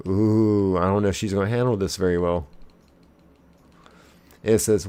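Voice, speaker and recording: A man streaming a game live, casually reading his chat's messages aloud in a playful, excitable way. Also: deep voice, clear, resonant tone. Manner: reads chat messages aloud in quick succession, playful and excitable; casual, uses "y'all". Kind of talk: live gaming stream chat.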